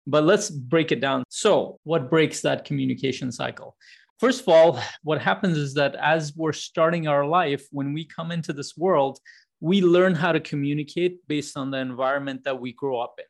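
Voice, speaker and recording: A man's voice: on the high side, moderate pace, creaky. A man in his thirties hosting a podcast, talking in a casual, rambling way with frequent restarts. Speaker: podcast host.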